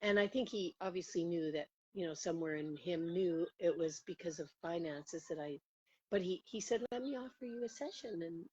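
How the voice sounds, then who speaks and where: A woman over forty in casual conversation, telling a personal story in an animated way, laughing often and acting out what people said. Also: fairly low pitch, moderate pace, breathy edge, no room sound. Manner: animated, laughing, acts out quotes with rising voice. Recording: muffled lo-fi audio.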